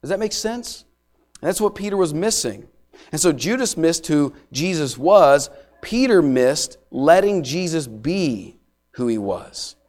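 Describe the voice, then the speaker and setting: A middle-aged male pastor delivering a sermon, swinging between raised emphasis and quiet, slowed-down words. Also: a little high, big pitch swings. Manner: dramatic preaching with wide swings in loudness, dropping to hushed emphasis.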